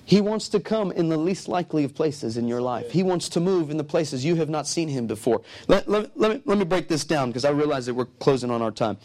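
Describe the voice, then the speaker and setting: Male pastor, high voice, animated storytelling sermon. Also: a little fast, hardly any pauses. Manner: animated storytelling, laughs through his lines.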